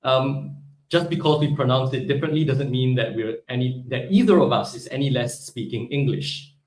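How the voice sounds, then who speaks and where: A man's voice: medium pitch, moderate pace, a little mellow, echoey room, poor audio. Man teaching, asking "right?" often. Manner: explanatory, peppers speech with "right?". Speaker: Hebrew teacher. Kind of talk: live online class lecture.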